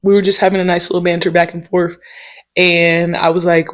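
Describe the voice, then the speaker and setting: A woman hosting her own podcast, telling stories in a loose, slangy and profane way, with lots of "um" and "okay?" asides. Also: lowish voice. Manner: animated, with quick asides and mimicked quotes. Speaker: podcast host. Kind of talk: casual solo podcast storytelling.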